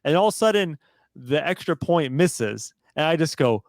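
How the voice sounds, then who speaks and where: A man's voice: fairly high pitch, big pitch swings, normal speed, no room sound, studio quality. A young man co-hosting a casual sports podcast, telling a laid-back, amused story. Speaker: podcast co-host.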